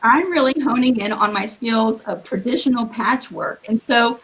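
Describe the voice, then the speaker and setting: A woman giving earnest, encouraging quilting advice as a guest on a live video call, with a husky morning voice. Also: on the high side, moderate pace, a bit bright, rough recording. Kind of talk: live-streamed advice talk.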